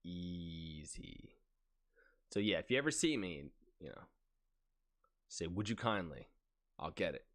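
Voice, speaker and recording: A man's voice: measured pace, pauses often. A man co-hosting a casual podcast chat, acting out quoted phrases as he tells a story. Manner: animated, acts out quoted phrases with big pitch swings. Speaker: podcast co-host.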